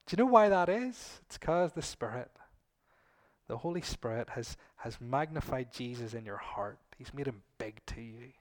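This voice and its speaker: A middle-aged man delivers a sermon with lively emphasis. He drops to quiet, low asides and then climbs back up to loud, emphatic lines. His voice sits in a middle pitch for a man. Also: normal speed. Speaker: preacher.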